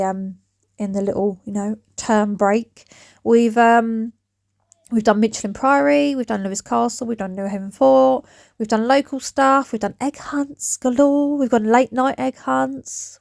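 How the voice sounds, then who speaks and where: A woman's voice: a little high, creaky, no echo. A woman of around forty, rambling chattily to camera in her back garden as a DIY vlogger, her throat going dry. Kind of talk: chatty vlog talk to camera. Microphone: phone camera.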